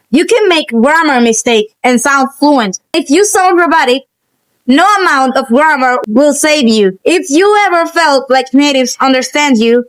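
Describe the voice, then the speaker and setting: Blunt high-voiced woman with Dominican Spanish accent. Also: no echo, poor audio. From Dominican Republic. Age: young adult. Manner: blunt, punchy short sentences. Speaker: Spanish teacher. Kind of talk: scripted video lesson. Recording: faint music behind the voice.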